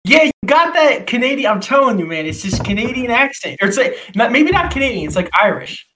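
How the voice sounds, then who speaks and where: A laid-back podcast co-host who teases his friend and laughs a lot. His voice is high and bright. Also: very animated, fairly quick. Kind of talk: casual chat.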